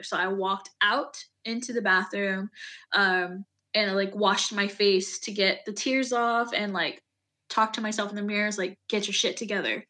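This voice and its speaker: A woman veteran speaks with a bright, clear-toned voice. She tells a painful memory candidly and plainly, filling her sentences with pauses and small fillers as she goes. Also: medium pitch. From United States. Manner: candid, emotional retelling with many fillers. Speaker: Army veteran guest. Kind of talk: personal storytelling in an interview.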